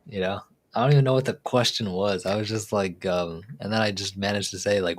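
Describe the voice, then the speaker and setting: Male stream host, low-pitched, laid-back rambling chat. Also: steady tone, brisk. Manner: laid-back, rambling, laughs at own jokes. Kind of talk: casual chat.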